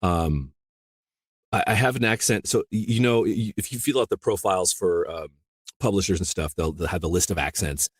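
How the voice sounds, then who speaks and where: A man from rural Iowa with a very low voice talks shop as an interview guest. He rambles easily, circling back with "you know" and restarting thoughts. The sound is close and dry. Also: moderate pace, slightly rough, no echo. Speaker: audiobook narrator, guest. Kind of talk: casual interview chat.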